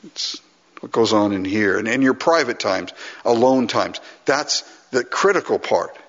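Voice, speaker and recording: A man's voice: fairly low pitch, expressive, a little slow, a bit bright. Man preaching in a reverberant hall. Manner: conversational preaching with repeated restarts and asides to the congregation. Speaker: pastor. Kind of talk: sermon. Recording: dull lo-fi recording with long hall reverb.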